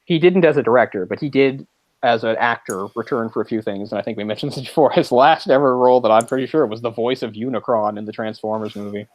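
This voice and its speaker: A man's voice: mid-range voice, quick pace, no echo. A man co-hosting a film podcast, chatting casually and rambling with frequent restarts. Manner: rambling, many restarts and fillers. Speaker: podcast co-host.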